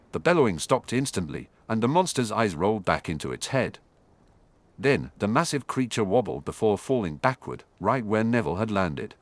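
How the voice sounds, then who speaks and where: A man reads a fantasy story aloud with dramatic energy. His voice sits low and swings widely in pitch. The recording is close and dry. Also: no echo. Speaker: audiobook narrator. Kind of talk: scripted fantasy narration.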